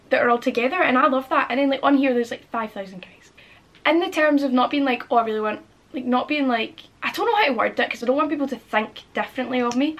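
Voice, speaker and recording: A woman's voice: a little high, fairly bright tone. A woman of twenty-one, vlogging in a rambling, chatty way full of filler words. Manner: chatty, rambling, fills speech with "like". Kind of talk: casual chatty vlog.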